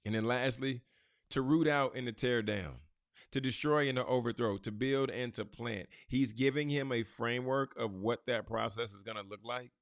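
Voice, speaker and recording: A man's voice: medium pitch, normal speed, no room sound. Emphatic man teaching scripture, dry sound. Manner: emphatic, preacher-like, addresses listeners directly. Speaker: podcast host.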